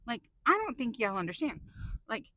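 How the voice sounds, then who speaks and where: A woman vlogger chatting excitably while driving her car, laughing often. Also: fairly high pitch, normal speed, dry recording, low-quality recording. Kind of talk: casual chat while driving.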